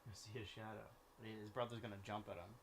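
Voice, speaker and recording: A man's voice: on the low side, steady tone, fast talker, a little hiss or hum. Chatty male streamer cooing at cats. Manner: chatty, coos and baby-talks to his cats. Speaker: live streamer. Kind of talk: casual stream chat.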